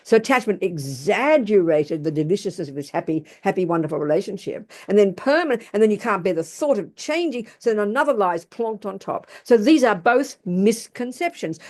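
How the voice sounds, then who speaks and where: A woman's voice: medium pitch, a little mellow. A woman giving a Buddhist teaching to an audience, blunt, emphatic and colloquial. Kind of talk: Dharma talk to an audience.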